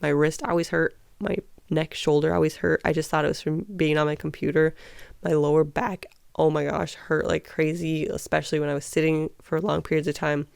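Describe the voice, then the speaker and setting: Chatty woman vlogger with gravelly edge. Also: deep voice, level tone, a little fast, a little mellow, no echo. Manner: chatty, candid, with frequent fillers and laughs. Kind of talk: casual personal storytelling.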